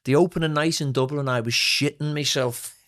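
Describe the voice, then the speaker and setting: A man, a singer and playwright, telling animated stories as a guest in a casual interview. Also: a little high, a little fast. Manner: animated, anecdotal storyteller.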